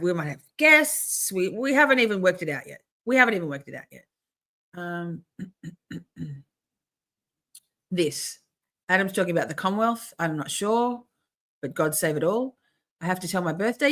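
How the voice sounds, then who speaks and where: A middle-aged woman hosting a casual livestream, chatty and swearing, often clearing her throat and restarting. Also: medium pitch, sharp tone. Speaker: livestream host.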